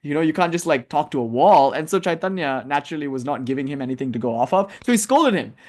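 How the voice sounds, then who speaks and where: Animated man giving a spiritual lecture. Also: fairly high pitch, fast talker. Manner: animated storytelling, casual, acts out quotes. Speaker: spiritual teacher.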